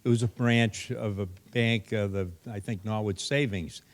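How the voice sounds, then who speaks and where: A man's voice: fairly low pitch, fairly even intonation, moderate pace. An older man giving a folksy, anecdotal hall of fame acceptance speech, acting out the voices of people in his stories.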